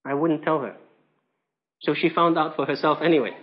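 A man's voice: fairly high pitch, normal speed, slightly rough, lo-fi sound. A man preaching a sermon, telling a story emphatically and asking rhetorical questions.

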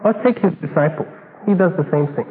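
A male preacher giving a sermon, animated and full of rhetorical questions and acted-out dialogue. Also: on the high side, quick pace. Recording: tinny echoey hall recording, faint hiss.

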